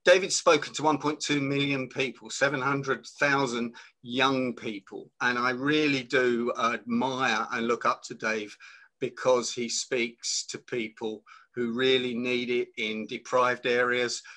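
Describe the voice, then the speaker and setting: A man's voice: mid-range voice, level tone, measured pace, pushed and bright. A man with a London accent hosting a live online interview show, chatty and enthusiastic, with frequent fillers. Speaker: host.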